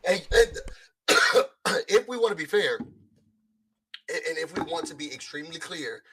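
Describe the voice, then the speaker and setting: A man on a livestream who speaks defensively and haltingly, repeating himself as he talks into a cheap boom mic. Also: lively intonation, sharp tone, breathy edge. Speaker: rival streamer on camera. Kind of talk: heated livestream argument. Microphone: cheap boom mic on a swing arm.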